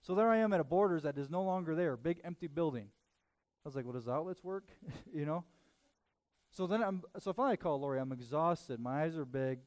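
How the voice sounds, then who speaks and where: A man in his thirties, a pastor telling a self-mocking story in a sermon, full of quick asides. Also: on the high side, darkish tone.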